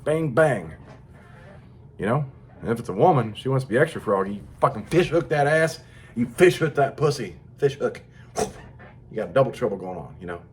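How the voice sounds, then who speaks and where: A man's voice: medium pitch, lively intonation, normal speed, a little hiss or hum. A tired man rambling through a crude, profane casual monologue as a vlogger. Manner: profane, rambling, mock-tough.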